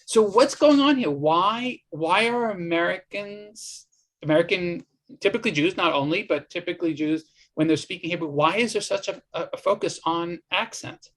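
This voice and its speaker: A man's voice: high voice, normal speed, a bit bright. A man hosting an academic interview, asking questions in a hesitant, conversational way with many restarts.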